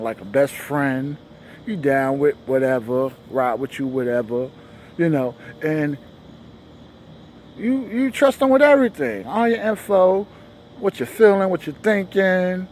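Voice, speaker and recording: A man hosting a comedy show, telling a loose, slangy stand-up monologue and acting out the people in his stories. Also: slight background noise. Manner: loose slangy storytelling, acts out dialogue in shifting voices; sings a repeated show jingle in a high voice.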